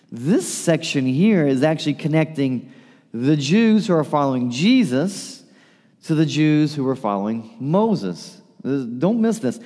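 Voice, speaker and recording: Mellow-voiced man preaching in a reverberant hall. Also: medium pitch. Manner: conversational, asks the congregation rhetorical questions. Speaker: pastor. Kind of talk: sermon.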